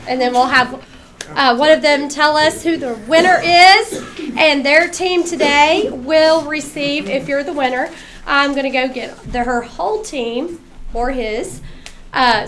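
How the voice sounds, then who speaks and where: A woman announcing contestants at a school event in a cheerful, chatty way. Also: high voice. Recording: noisy live stream audio.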